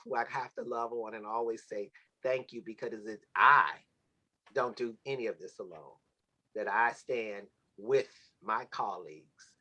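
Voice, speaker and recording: A man hosting a livestreamed talk show, giving warm, sermon-like thanks to his guests and team. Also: lowish voice, rough recording. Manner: effusive, sermon-like praise. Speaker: show host. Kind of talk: heartfelt closing thanks on a livestream.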